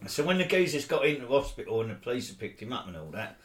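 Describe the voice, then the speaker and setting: Guy rambling through a story, mid pitch, laughs a lot, echoey room. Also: sing-song, quick pace. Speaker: co-host, storyteller. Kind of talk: casual anecdote chat.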